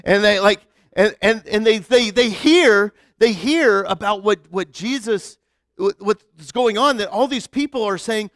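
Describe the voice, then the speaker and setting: A man's voice: high-pitched, measured pace, fairly bright tone, no room sound, clean studio sound. A male pastor giving a casual, conversational sermon, chatty and full of restarts.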